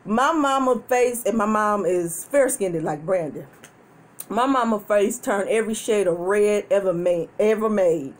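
Animated woman mukbang host, laughing storyteller. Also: medium pitch, a little slow. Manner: animated storyteller, laughs often, breaks into loud whoops; chatty, addresses viewers directly. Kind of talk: casual chat while eating.

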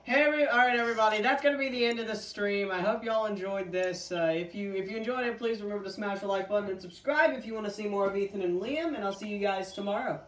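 A woman's voice: mid-range voice, quick pace, few pauses. A woman hosting a game stream in casual chat, teasing her co-player and laughing often. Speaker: stream host. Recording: roomy, distant mic, noisy.

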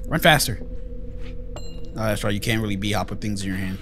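A man giving loud, excitable let's play commentary, swearing often and making mock-dramatic pleas. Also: lowish voice, a little fast, faint music behind. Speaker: gaming channel host.

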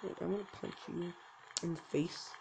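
A gaming channel host giving casual, joking let's-play commentary, with sudden loud yelps and self-mocking asides. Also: mid-range voice, fairly even intonation, normal speed, gravelly, very noisy.

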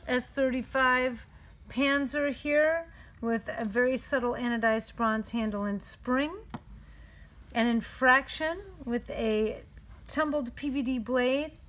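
A woman's voice: a little high, fairly bright tone. A woman presenting her company's knives in an upbeat, detailed product showcase.

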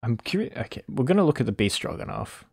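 A man streams himself reacting to videos, talking in a husky, breathy voice. His commentary is incredulous and full of swearing and laughter, and his pitch sits in an ordinary middle range. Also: big pitch swings, quick pace, darkish tone.

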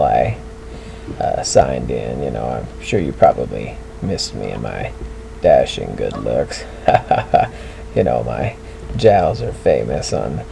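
A man's voice: deep voice, creaky, darkish tone, slight background noise, full character voice, rough recording. A man voicing a corny, rambling male bulldog comedian who tells groaning puns and keeps getting tongue-tied. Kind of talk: comic character monologue.

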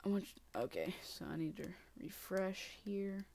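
A woman's voice: mid-range voice, expressive, measured pace, dark tone. A woman giving casual gameplay commentary as host of her gaming channel. She mutters and whispers to herself, then breaks into sudden frustrated outbursts.

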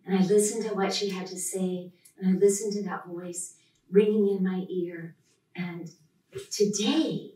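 Woman introducer, warm and enthusiastic, unhurried podium delivery, roomy distant sound. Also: mid-range voice. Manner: enthusiastic, heartfelt. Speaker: professor introducing a poet. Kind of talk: live event introduction speech. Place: lecture room at a reading. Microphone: podium mic. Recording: echoey hall, distant mic.

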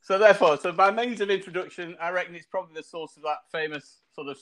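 A man hosting a casual video-call chat, cracking jokes and restarting his sentences as he goes. His voice is bright and forceful and sits a little high. He rambles but keeps things moving. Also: fast talker. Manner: jokey, rambling with many restarts. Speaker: wargaming show host.

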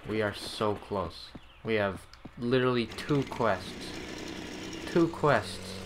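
A man's voice: lowish voice, animated, takes it slowly, background noise. A man hosting a casual let's-play, rambling with many fillers and restarts. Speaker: gaming channel host.

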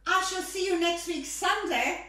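A woman's voice: extremely high pitch, a little slow, pushed and bright. A woman hosting a live home baking demonstration, chatting playfully as she cooks. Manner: chatty, playful, bubbly asides. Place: home kitchen. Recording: echoey kitchen, distant mic, faint noise.

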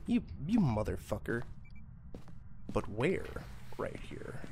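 A man's voice: mid-range voice, very animated, slow, warm tone, a little hiss or hum. A man streaming a ghost-hunting game, cursing freely and trash-talking the ghost while joking to himself and his chat. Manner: profane, trash-talks the ghost; jokey, talks to himself and chat. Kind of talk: live-stream gameplay commentary.

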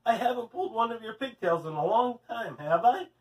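A man's voice: very high voice, lively intonation, brisk. Give me a man playing a pleading, whiny schoolboy, recorded far off in an echoey room. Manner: whiny, begging. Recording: echoey room, mic at a distance.

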